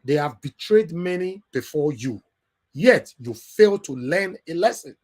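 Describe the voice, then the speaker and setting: A man with a Nigerian Pidgin English accent hosting an online call-in show, lecturing in a preachy way that rises to loud emphatic bursts. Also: a little high, lively intonation, a little slow. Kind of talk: impassioned live talk show.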